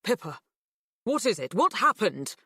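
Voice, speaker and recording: A woman voicing a caring middle-aged father who speaks warmly and reassuringly, in an audiobook reading. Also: on the low side, expressive, a little slow, dry recording, clean studio sound. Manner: warm, soothing reassurance.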